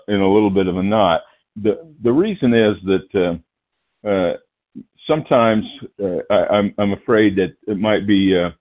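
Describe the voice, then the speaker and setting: A low-voiced man from Oklahoma speaks as a guest at a recovery meeting held over the phone. He sounds nervous and halting, clearing his throat, restarting, and leaning on plenty of fillers.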